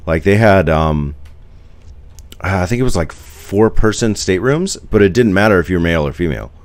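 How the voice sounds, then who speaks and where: A man's voice: low voice, lively intonation, normal speed, no echo. A man in his forties from the United States, chatting casually on a live stream, rambling and answering viewer comments.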